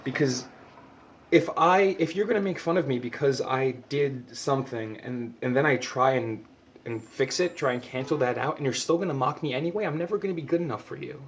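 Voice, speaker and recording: A man's voice: mid-range voice, fairly quick, slight background noise. Impassioned young man, swearing freely. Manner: impassioned and emotional, swears freely, stumbles over repeated words. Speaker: vlogger. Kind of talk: heartfelt personal monologue.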